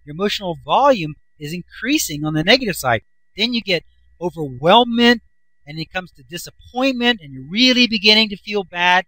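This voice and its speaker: A man's voice: high-pitched, animated, brisk, pushed and bright, no echo, low-quality recording. A man, a self-help author, explaining a chart in a casual, folksy, enthusiastic way, swinging his voice up and down for emphasis.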